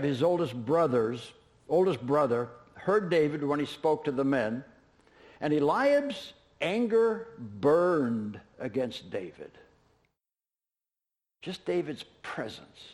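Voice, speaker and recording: A man's voice: medium pitch, darkish tone. A man preaching a sermon, retelling scripture in a casual, storytelling way with offhand asides. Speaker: pastor.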